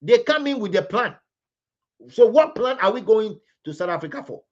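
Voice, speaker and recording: A man's voice: high voice, sing-song, moderate pace, highs cut off. A Ghanaian man giving impassioned live commentary, scolding and repeating phrases for emphasis. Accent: Ghanaian English. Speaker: livestream commentator.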